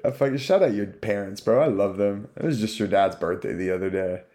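A man's voice: on the low side, a little fast, mellow. A young man hosting a casual podcast chat, laid-back and swearing freely, calling his guest bro. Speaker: podcast host.

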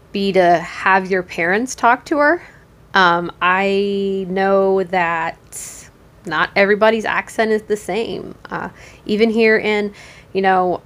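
An American woman hosts a laid-back podcast. She reads posts aloud and comments in a loose, chatty way, full of ums, false starts and sarcastic asides. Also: mid-range voice. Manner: chatty, with frequent ums and restarts. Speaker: podcast host. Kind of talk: casual podcast reading Reddit posts.

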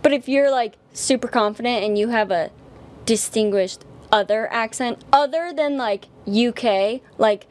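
A woman's voice: on the high side, measured pace, a little mellow. A young woman from Colorado, co-hosting a podcast in casual chat, blunt and profane, telling stories with mimicked voices. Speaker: podcast co-host.

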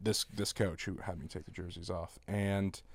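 Lively low-voiced man telling stories. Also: normal speed, no room sound. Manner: animated storyteller, laughs often. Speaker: podcast co-host. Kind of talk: casual chat.

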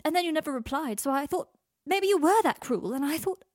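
A woman's voice: medium pitch, fairly quick, slightly rough, no echo, studio quality, lightly acted. A woman reading the lines of a proud, sarcastic young man, biting and emotional. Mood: furious.

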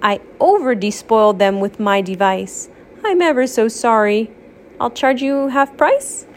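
Mom doing a chirpy biscotti scientist lady, salesy and breezy, bouncy pitch. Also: lively intonation, a little slow, slight background noise.

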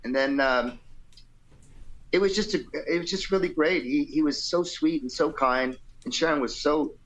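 A man's voice: on the high side, moderate pace, a bit bright, poor audio. A middle-aged man, a guest musician, telling a loose anecdotal story in an interview and acting out the quotes.

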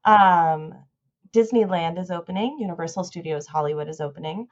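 A woman's voice: on the low side, brisk, highs cut off. Gushing chatty woman podcaster. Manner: excited, rambling, gushing fan rants. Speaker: podcast co-host. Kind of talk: casual podcast chat.

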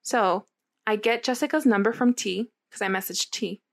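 A young woman telling a story in casual chat, animated and swearing freely, often checking in with her listener. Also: mid-range voice, moderate pace, vocal fry.

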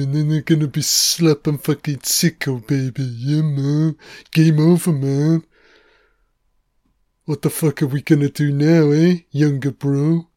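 A man's voice: on the high side, mellow, no room sound, clean studio sound, natural voice. A man putting on a brash, bullying older brother in a tough-guy swagger, slightly back from the mic.

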